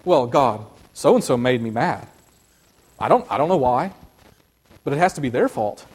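A man's voice: medium pitch, animated, normal speed, darkish tone, husky. A man putting on the voice of a sheepish man stammering out excuses. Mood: defensive. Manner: whiny, stammering. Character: sheepish excuse-making man dodging blame.

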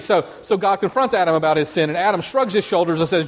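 A man preaching a sermon, animated, acting out the voices of biblical figures as he goes. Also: high-pitched, quick pace, few pauses. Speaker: pastor.

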